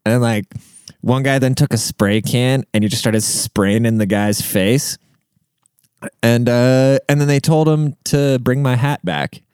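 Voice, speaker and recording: A man's voice: medium pitch, unhurried, darkish tone, clean tone, dry recording, clean studio sound. A young man who grew up in Germany, casually telling a rambling, profane childhood story and laughing often. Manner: rambling, profane, laughs through his stories.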